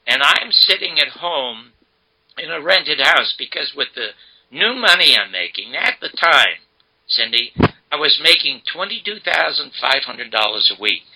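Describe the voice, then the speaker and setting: An older man, a guest in an interview, retelling a story emphatically and dramatically in a gravelly, husky voice. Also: a little high, big pitch swings, measured pace, sharp tone, low-quality recording. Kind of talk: animated storytelling.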